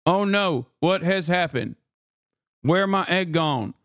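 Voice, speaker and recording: A man's voice: high-pitched, expressive, takes it slowly, fairly bright tone, no room sound, studio quality, full character voice. A man voicing a mocking caricature of a dim, aggressive male voter who loves tariffs, in a dopey, slurred way.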